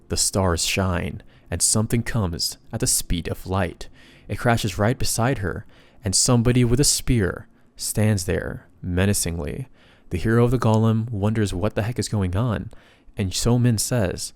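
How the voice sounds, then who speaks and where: A man's voice: lowish voice, moderate pace, a little mellow, dry recording. A man narrating a comic story recap in a casual, plain retelling style with bits of slang.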